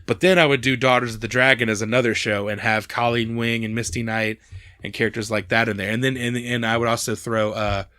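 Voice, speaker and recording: A man's voice: mid-range voice, steady tone, brisk, pushed and bright, no room sound, clean studio sound. Rambling male podcast co-host. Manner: rambling, with many fillers and restarts. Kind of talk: casual chat.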